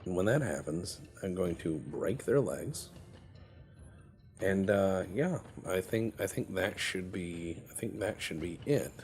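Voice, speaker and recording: A man's voice: sits low, lively intonation, takes it slowly, darkish tone, soft background music. A man casually commentating on his gameplay, rambling and joking, often repeating words as he thinks aloud. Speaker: game commentator. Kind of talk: casual let's play commentary.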